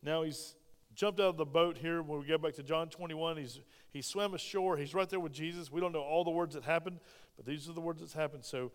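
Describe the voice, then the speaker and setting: Animated male preacher in a reverberant hall. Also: fairly high pitch, smooth. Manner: animated preaching, acts out quotes with swings in loudness. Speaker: pastor. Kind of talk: sermon.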